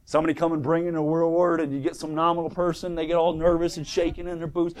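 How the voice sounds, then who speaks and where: Fervent high-voiced male preacher. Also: flat delivery, fast, hardly any pauses. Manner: fervent, swings from quiet to loud, quotes scripture in old English. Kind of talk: sermon.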